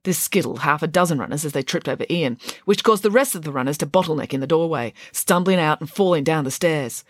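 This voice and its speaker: A woman narrating a children's storybook in an expressive, lively way. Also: low-pitched, quick pace, no room sound, clean studio sound. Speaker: audiobook narrator.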